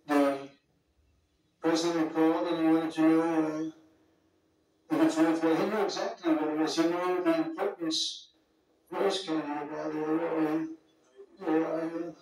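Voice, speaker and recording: A man's voice: fairly high pitch, darkish tone. A man giving an off-the-cuff public speech to a room of leaders, rambling and digressive, with folksy asides. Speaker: speaker greeting leaders at a summit. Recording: very echoey hall, distant mic, faint music.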